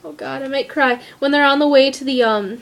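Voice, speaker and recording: A woman's voice: high voice, steady tone, brisk, vocal fry. Gushing, chatty young woman. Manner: gushing and chatty, acts out movie lines in little voices; many fillers like "like" and "um". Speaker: vlogger. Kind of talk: casual chat to camera.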